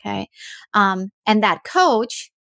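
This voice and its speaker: A woman's voice: medium pitch, expressive, slow, gravelly, bright, forceful tone, smooth, no room sound, studio quality. A woman life coach speaking in a casual, reflective way, with frequent fillers and restarts as she thinks aloud. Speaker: life coach, podcast host.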